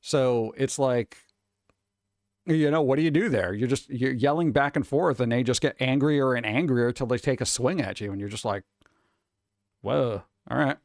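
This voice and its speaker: A man's voice: mid-range voice, moderate pace, a little mellow, dry recording, clean studio sound. A man in his forties, a streamer rambling casually and answering chat, swearing and chuckling often.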